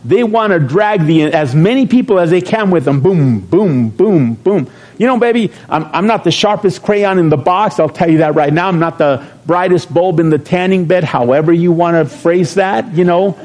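A middle-aged man preaching a sermon as pastor, folksy and joking, rising into shouted calls to the congregation. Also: high-pitched, normal speed, few pauses.

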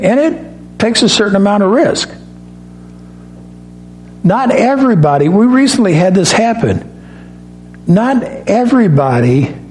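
A middle-aged man preaching a sermon in a folksy, storytelling way, acting out dialogue and rising in pitch on key points. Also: a little mellow, slight background noise. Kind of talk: sermon with personal stories.

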